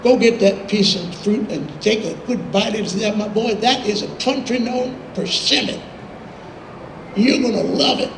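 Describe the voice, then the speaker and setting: A man's voice: sits high, normal speed, distant mic. A man putting on the voice of a teasing older country star, drawling and mischievous, in a roomy space with background noise.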